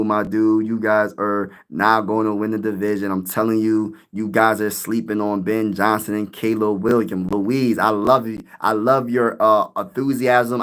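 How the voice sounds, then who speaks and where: A young man hosting a sports live stream, chatting casually with his viewers, rambling and hyped, using lots of slang. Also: on the low side. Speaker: sports YouTuber live-streaming, answering chat.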